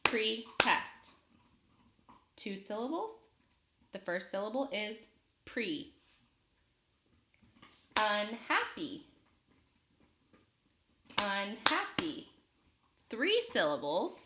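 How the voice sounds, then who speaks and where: A woman teaching a phonics lesson to young children, speaking slowly and clearly and pausing for them to answer. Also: medium pitch, pushed and bright, roomy sound, slight background noise. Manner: slow, clear, patient teacher talk with pauses for students.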